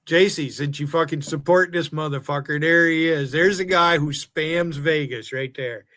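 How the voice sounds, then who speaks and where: A man's voice: fairly high pitch, moderate pace, a bit bright. A man ranting angrily on a livestream, taunting and cursing at rival streamers and chatters. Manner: angry, profane, taunting. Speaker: live streamer. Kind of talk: profane livestream rant.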